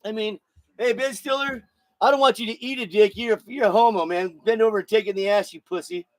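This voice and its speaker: A man's voice: high-pitched, fairly quick, dry recording. A man hosting his own show, delivering a blunt, profane solo political rant and repeating words as he gets heated. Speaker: show host.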